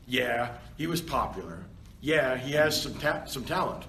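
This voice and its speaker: A male university lecturer giving a seminar lecture in an animated, conversational way, often checking in with his students. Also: medium pitch, normal speed, far from the mic. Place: seminar classroom. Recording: roomy classroom with faint background noise.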